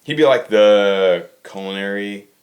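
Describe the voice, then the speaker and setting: A man's voice: fairly low pitch, a little slow. A man chatting casually on a podcast, telling stories with lots of "like" fillers. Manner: storytelling, heavy use of "like". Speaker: podcast guest. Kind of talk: casual chat.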